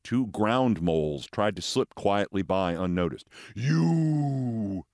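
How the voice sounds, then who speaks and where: A man in his sixties, a show host, reading fables aloud with expressive, theatrical storytelling. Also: low voice, measured pace, clear, resonant tone, no room sound.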